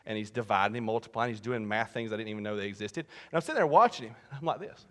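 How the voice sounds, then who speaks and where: A male pastor preaching a sermon, telling a story animatedly and swinging from hushed asides to shouting. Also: fairly low pitch, lively intonation, rapid-fire. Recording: long church hall reverb.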